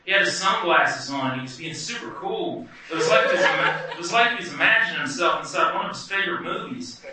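Brief: male storyteller, wry and vivid, slightly higher voice, heard from far off in a very echoey room. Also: animated, fast, crowd noise. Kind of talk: first-person personal story. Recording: very echoey room, distant mic, music behind.

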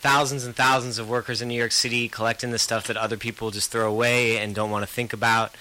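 A man speaking as a guest from a recycling center, making an earnest, inviting pitch. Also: flat delivery, quick pace, sharp tone, rough recording. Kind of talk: community outreach pitch.

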